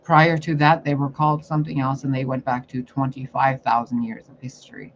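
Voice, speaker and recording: This psychic reader's spiritual rant is profane and confrontational, delivered by a man at a brisk clip in a mid-range, slightly bright voice that barely moves in pitch. It's captured on a muffled lo-fi recording with faint noise.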